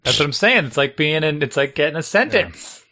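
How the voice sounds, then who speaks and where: Bright-voiced man in casual chat. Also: a little high, fairly quick. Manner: animated storyteller, acts out yelled lines. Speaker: youth sports coach and parent.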